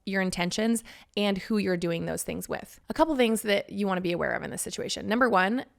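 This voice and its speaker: A woman in her thirties hosts a solo podcast, speaking candidly and chattily with the odd casual swear word and acting out quoted friends. Her mid-range voice is gravelly and a little fast.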